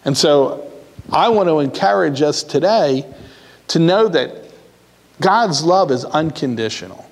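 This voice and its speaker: A man preaching a sermon as pastor, earnest and repetitive, with pauses and restarts. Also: fairly high pitch, animated. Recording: hall reverb.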